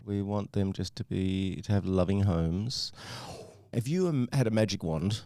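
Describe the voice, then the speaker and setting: A woman's voice: very deep voice, a little slow, warm tone, no echo, studio quality. A woman, hosting a podcast and chatting playfully with children, laughing often. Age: 40s. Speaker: podcast host. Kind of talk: casual chat with children.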